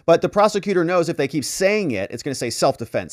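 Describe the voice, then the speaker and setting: Male lawyer-commentator retelling courtroom action, expressive, dry and close. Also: on the high side, quick pace, dry recording. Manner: animated storytelling, acting out the exchanges. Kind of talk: trial recap commentary.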